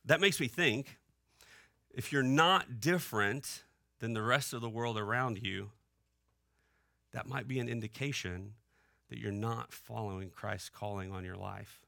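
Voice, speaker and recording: Bright-voiced young man preaching. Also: mid-range voice, measured pace, creaky, pauses often, no echo, studio quality. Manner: conversational preaching, asks the room "right?". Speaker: pastor. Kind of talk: sermon. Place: church hall.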